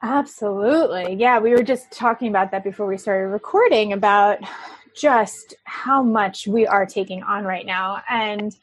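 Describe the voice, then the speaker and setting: A woman's voice: medium pitch, moderate pace, breathy edge. A middle-aged woman hosting a podcast, talking in a casual, chatty way and laughing often. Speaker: podcast host.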